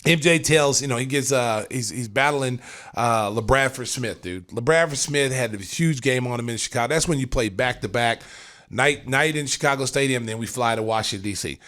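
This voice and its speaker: A middle-aged man in a casual podcast chat, spinning long stories with plenty of energy. He has a mid-range voice and acts out the people in his stories, jumping up loud and high. His talk is loose and conversational. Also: moderate pace. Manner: animated, acts out quotes with big jumps in pitch and volume. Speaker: podcast host and former pro player.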